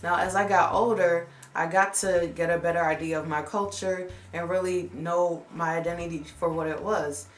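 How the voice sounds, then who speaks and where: A woman's voice: fairly low pitch, moderate pace, hardly any pauses, echoey room, soft background music. A young woman vlogger telling a personal story in a candid, reflective way. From United States. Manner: candid, reflective, animated when retelling.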